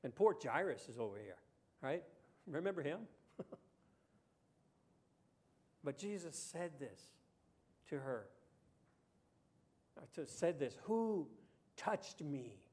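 A man's voice: very animated, slow pace, long pauses, darkish tone, slightly rough. A man preaching a sermon in a conversational way, asking the audience rhetorical questions and acting out the voices he quotes. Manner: acts out quoted voices with pitch jumps. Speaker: pastor.

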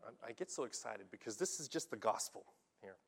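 Animated pastor preaching a sermon, man. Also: lowish voice, brisk, gravelly, husky. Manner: animated, emphatic, checks in with listeners. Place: church in Japan.

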